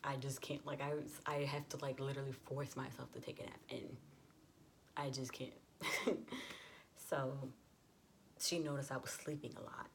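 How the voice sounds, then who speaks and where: A woman's voice: rumbling low, level tone, moderate pace, pauses often, slight background noise. A young adult woman vlogger telling a personal story in a chatty, casual way, full of "like" and quoted dialogue.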